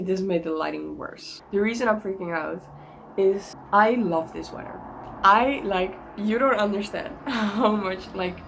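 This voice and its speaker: A woman's voice: fairly low pitch, gravelly, slight background noise, poor audio. A young woman talking casually in a home vlog, bubbly and rambling, with lots of giggles and restarts. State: sick. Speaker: vlogger.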